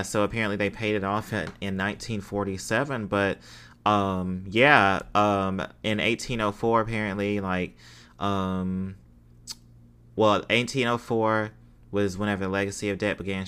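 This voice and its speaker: A man's voice: lowish voice, little pitch movement, moderate pace, pushed and bright, smooth. A man giving a casual spoken history talk, hesitant, with frequent fillers and self-deprecating asides.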